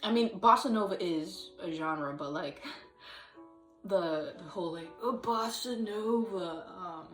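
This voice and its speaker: A woman talks slowly and a little low, rambling through her thoughts with constant fillers and restarts. She sounds set back from the mic in a roomy, echoing space. Faint music plays underneath. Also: fairly bright tone, far from the mic. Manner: rambling, hesitant, many fillers, sudden sung and acted bits. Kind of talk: casual solo vlog chat.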